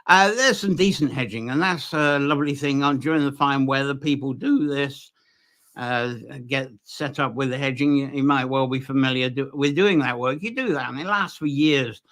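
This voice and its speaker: A man's voice: medium pitch, normal speed, fairly bright tone. A man hosting a live nature folklore stream from Ireland, talking loosely with many fillers and restarts. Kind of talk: live-streamed solo talk.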